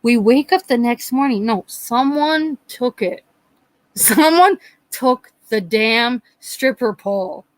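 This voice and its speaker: A woman's voice: on the high side, slow, no room sound, poor audio. A middle-aged woman hosting a live chat, telling a story casually and animatedly. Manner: animated, acts out quoted voices.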